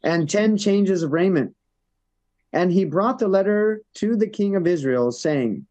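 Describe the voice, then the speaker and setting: A man with a high-pitched voice delivers a sermon. He reads verses aloud, then explains them in a relaxed, conversational way, often tagging on "no?" to keep listeners with him. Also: unhurried. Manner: reads scripture then retells it in plain words, tag questions. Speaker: church elder preaching. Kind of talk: sermon with scripture reading.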